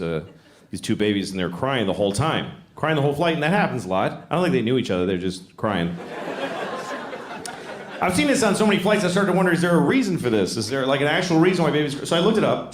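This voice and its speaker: A man's voice: mid-range voice, lively intonation, fast. A man doing a stand-up comedy set in a comedy club, wry and exasperated, acting out little voices. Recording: roomy club recording with crowd noise. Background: audience laughter.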